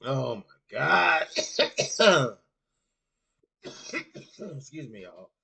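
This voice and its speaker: A man's voice: mid-range voice, very animated, very slow, vocal fry, bright, forceful tone, breathy edge. A man hosting a casual fight recap livestream, talking loosely with a groggy morning voice and lots of "you know what I'm saying" filler. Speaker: livestream host.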